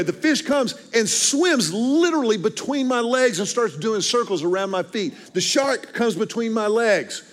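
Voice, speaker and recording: A pastor delivering a sermon, telling stories in an animated, humorous way. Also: male voice, sits high.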